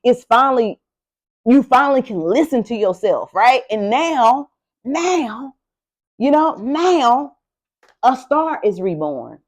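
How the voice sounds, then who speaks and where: Animated woman giving a tarot reading. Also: a little high, measured pace. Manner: animated and emphatic, repeats herself, talks like a preacher. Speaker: tarot reader.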